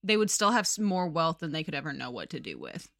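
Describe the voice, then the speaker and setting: Bright-voiced woman co-host. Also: low voice, huge pitch swings, fast, vocal fry, no echo, studio quality. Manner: chatty, reads quotes aloud, laughs easily. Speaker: podcast co-host. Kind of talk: casual book recap chat.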